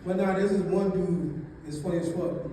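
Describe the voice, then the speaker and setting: A young man performs stand-up comedy in a high voice, rambling loosely through his stories with plenty of fillers. He sounds distant from the mic, in a live room with long, echoing reverb. Noise from the room and the crowd sits audibly behind him. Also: dark tone. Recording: echoey live room taken from a distance, noisy. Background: audience laughter.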